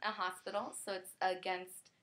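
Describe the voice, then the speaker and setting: A woman comedian chatting casually as a podcast guest, quick with asides and laughing often. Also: medium pitch, level tone, fairly bright tone.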